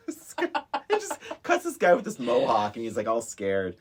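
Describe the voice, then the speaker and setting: A man co-hosting a podcast in casual chat, excitable, laughing often as he acts out film scenes. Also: mid-range voice, a little slow, husky. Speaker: podcast co-host.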